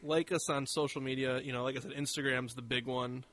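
A man co-hosting a podcast in casual chat, halting and saying "like" often, his voice slightly worn. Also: medium pitch, level tone, a bit bright. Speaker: podcast co-host.

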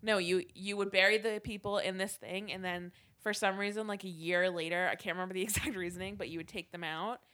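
A woman's voice: medium pitch, fairly even intonation, fairly quick, few pauses, sharp tone. A woman co-hosting a podcast in casual chat, swearing freely and filling her talk with "like". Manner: swears freely, many filler "like"s. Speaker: podcast co-host.

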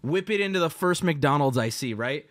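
Animated high-voiced man telling crude stories. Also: normal speed. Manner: crude, animated, acts out other people's lines. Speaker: streamer host. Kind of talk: casual storytelling rant.

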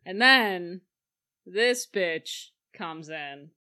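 A woman chatting casually about a film, animated and joking, acting out lines in silly voices. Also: lowish voice, drawn-out words, clear, resonant tone.

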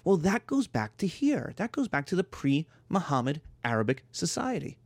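A man teaching a history class in a lecture style, telling lively stories and acting out little scenes. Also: a little high, moderate pace, no room sound. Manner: animated storytelling, acts out quarrels in voices.

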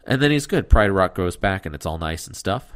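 Deep-voiced jokey male podcast host. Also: expressive, a little fast. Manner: jokey, rambling plot recap with silly voices. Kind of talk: casual podcast chat.

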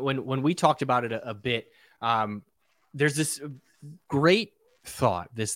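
A man's voice: medium pitch, a bit bright, no echo. Hesitant man with a dry close sound. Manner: hesitant, checks his point with the other host. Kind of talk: casual conversation.

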